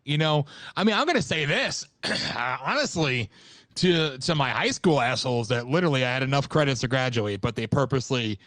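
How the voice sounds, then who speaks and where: A man's voice: medium pitch, expressive, normal speed, a bit bright, dry recording. Bitter, sarcastic man co-host. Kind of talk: casual podcast chat.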